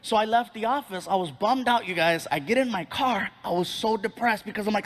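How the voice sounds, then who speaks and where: A male stand-up comedian telling an animated story on stage and acting out other people's voices. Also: high voice, brisk, hardly any pauses.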